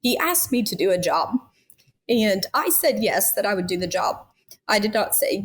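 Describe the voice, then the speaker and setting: A woman's voice: mid-range voice, animated, normal speed. A woman in her thirties talking as a foster parent guest in a heartfelt podcast conversation, earnest and emotional, with many fillers.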